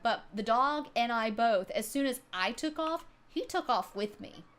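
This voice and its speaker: A woman's voice: a little high, lively intonation, unhurried, fairly bright tone. A woman livestreamer casually telling a story to her chat, swearing freely and laughing often.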